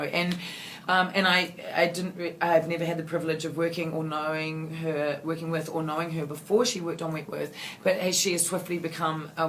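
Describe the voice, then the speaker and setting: Nz woman, 40s, lowish voice, rambly effusive actress answering fan qs, lots of ums. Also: a little hiss or hum. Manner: rambling, warm and effusive, many fillers and restarts. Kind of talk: casual Q&A.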